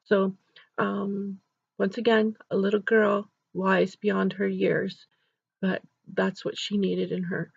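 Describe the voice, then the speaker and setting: Gentle gravelly woman telling a story. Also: mid-range voice, dry recording. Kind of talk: instructional storytelling to camera. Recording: dull, dry recording.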